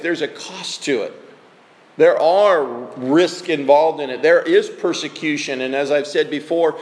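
A man preaching a sermon in a conversational, emphatic way. His speaking voice sits a little high for a man. He is heard in a roomy church hall with a long, echoing reverb. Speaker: pastor. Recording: echoey hall.

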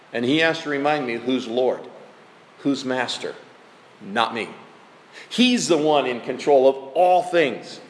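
A man preaching a sermon as pastor, conversational, animated and emphatic. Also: mid-range voice. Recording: echoey hall.

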